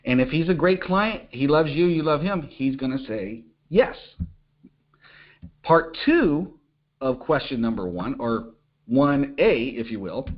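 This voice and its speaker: A middle-aged man coaching business owners in an energetic talk, checking in with "okay?" and acting out short phone calls. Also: mid-range voice, measured pace. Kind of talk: coaching talk to an online audience. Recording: dull lo-fi audio.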